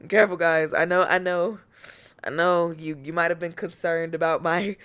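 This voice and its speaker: A woman's voice: fairly low pitch, fairly even intonation, normal speed, a bit bright, clear, resonant tone. An American woman streaming and chatting casually, playful and teasing, swearing freely. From United States. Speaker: VTuber streamer.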